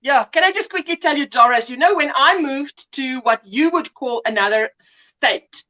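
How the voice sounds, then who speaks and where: A high, bright-voiced woman chats casually as a guest on a live video call. She is lively and jokey, and she is quick to cut in with asides. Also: dull audio. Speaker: panel guest on a live stream. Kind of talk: casual live-stream chat.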